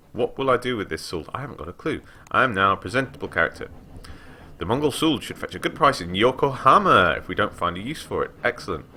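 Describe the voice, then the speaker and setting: Young man, low voice, lively pitch, casual game commentary, wry. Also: fast, slight background noise. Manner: animated, wry asides. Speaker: let's player.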